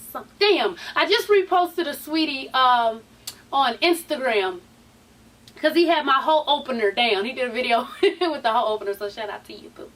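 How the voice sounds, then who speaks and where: A woman's voice: high-pitched, a bit bright, recorded from a distance. A woman hosting a casual recap vlog, chatty and sassy, swearing freely and calling her viewers "honey". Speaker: YouTube TV show recap host.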